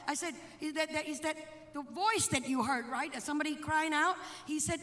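A very high-pitched woman preaches and tells a story, dropping to hushed asides and then rising to shouts. Her voice rings with the long reverb of a church sanctuary. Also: normal speed. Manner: dramatic, swings from hushed to shouting. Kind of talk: sermon with storytelling.

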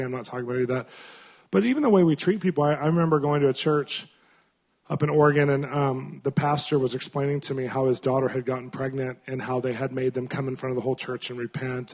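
A man preaching a conversational sermon to a conference crowd, telling stories and acting out the people he quotes. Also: medium pitch. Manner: storytelling, acts out quoted voices, rising to loud bursts; conversational with fillers.

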